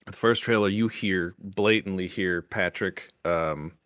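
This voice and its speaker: A man's voice: low-pitched, unhurried, fairly bright tone, clear, resonant tone, dry recording, studio quality. A man hosting a casual podcast review chat, rambling with lots of fillers and restarts. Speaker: podcast host.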